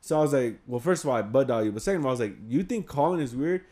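A man's voice: mid-range voice, very fast, dark tone. Man, casual storyteller, profane, rambling. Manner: rambling, swears freely, acts out quotes. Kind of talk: casual storytelling among friends.

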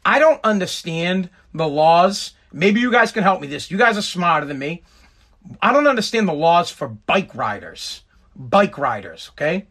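A man's voice: high-pitched, very animated, normal speed, fairly bright tone. A man hosting a solo podcast, ranting in an exasperated, heavily profane way. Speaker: podcast host.

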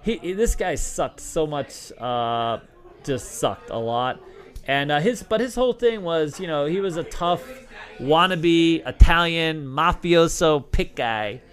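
A middle-aged former craps dealer with a slightly high voice speaks slowly but with lively intonation. He fields questions and spins stories in a casual, rambling Q&A, his speech full of fillers and restarts.

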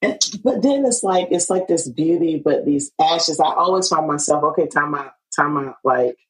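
A woman hosting a podcast, chatting in a casual interview with an animated, laughing manner and many fillers and restarts. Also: low-pitched, moderate pace, poor audio. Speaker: podcast host.

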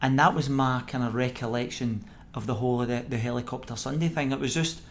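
A middle-aged man with a Scottish accent, guesting on a podcast and telling stories with lively energy, laughing as he goes. His voice sits at an everyday middle pitch, with a faint hum of noise behind him. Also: quick pace. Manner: animated anecdote-telling, acts out quoted voices, laughs often. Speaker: former footballer guest. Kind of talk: podcast interview storytelling.

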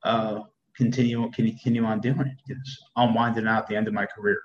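Low-voiced soldier in an echoey room. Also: male voice, level tone, brisk, slight background noise. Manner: candid, repeats words while thinking. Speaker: soldier guest. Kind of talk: casual conversation. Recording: dull echoey room sound.

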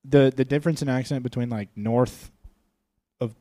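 A man's voice: medium pitch, fairly even intonation, moderate pace, mellow, no echo. Man, podcast co-host, casual profane chat, dry close-miked sound. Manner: profane, joking, puts on silly voices. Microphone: studio microphone with headphones.

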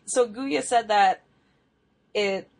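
A young woman co-hosting a podcast, casually telling a true crime case, chatty and quick to laugh. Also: mid-range voice, vocal fry, darkish tone. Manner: chatty storytelling, laughs often, swears. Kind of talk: casual chat.

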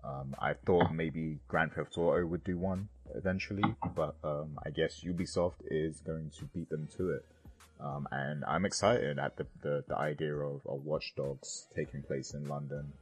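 An extremely deep-voiced man co-hosting a podcast in casual chat. His tone is husky, and he rambles along with plenty of ums and you-knows. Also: fairly even intonation, normal speed, faint music behind. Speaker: podcast co-host.

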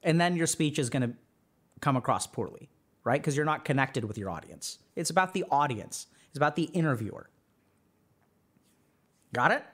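A man with a high-pitched voice talks through social advice in a loose, conversational way. He acts out the worried thoughts of imagined people and keeps checking in with his listeners. He sounds like a podcast host chatting with a live audience. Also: lively intonation, moderate pace, long pauses, fairly bright tone. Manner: conversational, acts out imagined inner voices, often asks "right?". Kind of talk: casual advice talk to a live chat.

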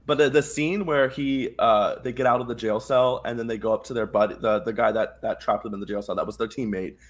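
A man co-hosting a podcast in relaxed, casual chat. He talks in a playful, animated way and slips into quoted voices as he retells scenes. His pitch sits in the middle. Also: a little fast. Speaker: podcast co-host.

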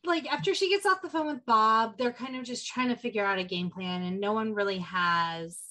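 A woman's voice: fairly high pitch, normal speed. A woman casually recapping a horror movie with a co-host, animatedly acting out quoted lines. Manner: animated retelling with quoted voices. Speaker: podcast co-host.

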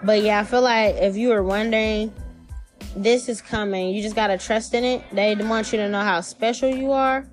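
Chatty, slangy woman giving a spiritual reading. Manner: chatty, slangy, swears freely; acts out imagined voices with big pitch jumps. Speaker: tarot reader.

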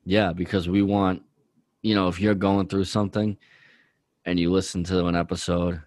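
A man's voice: low-pitched, flat delivery, normal speed, a little mellow, no room sound. A man co-hosting a podcast, talking earnestly in a rambling way with many fillers. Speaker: podcast co-host. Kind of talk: casual chat.

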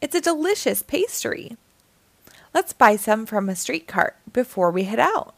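A woman's voice: fairly high pitch, big pitch swings, measured pace, creaky, no room sound, heavily acted. Woman reading as a cheerful old Santa. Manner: warm, smiling, gently explaining.

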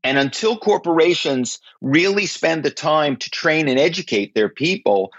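Man, ex-spy guest, husky voice, emphatic, dry dull lo-fi sound. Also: a little high, lively intonation, normal speed, a bit bright, no echo. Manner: emphatic, keeps asking "right?". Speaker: former corporate spy and author. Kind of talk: interview guest storytelling.

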